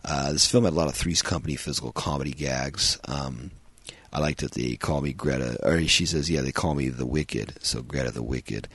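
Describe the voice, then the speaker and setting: Very deep gravelly male podcast host. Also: moderate pace, fairly bright tone, no room sound. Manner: rambling, many ums and uhs. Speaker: podcast host, film reviewer. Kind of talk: casual solo film review.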